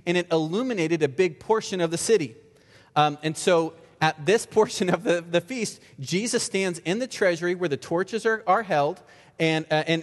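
A male pastor giving an earnest sermon, often repeating words and asking the congregation rhetorical questions. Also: fairly high pitch. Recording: long reverb of a large hall.

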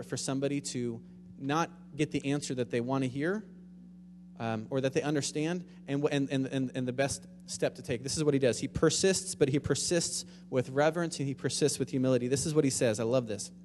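A man preaching a sermon in a conversational way, moving between quiet, reflective stretches and louder, emphatic ones. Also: mid-range voice, long reverb tail, a little hiss or hum. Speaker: pastor.

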